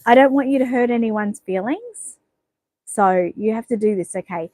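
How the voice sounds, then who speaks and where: A woman's voice: fairly high pitch, normal speed, dark tone, no room sound, poor audio. Chatty Australian woman live-streaming. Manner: chatty, rambling, teasing bossy with viewers. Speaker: livestream host. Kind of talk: casual live-stream chat reading comments.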